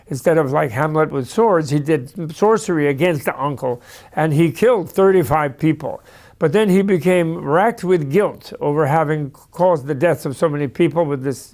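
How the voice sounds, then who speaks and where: Gravelly man giving a storytelling lecture. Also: a little high, darkish tone. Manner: discursive, anecdotal, with asides.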